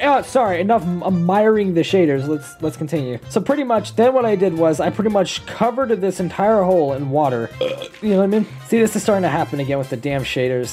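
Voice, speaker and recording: A gameplay commentator talking casually while building in a game, excitable and self-mocking, swearing often and laughing a lot. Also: mid-range voice.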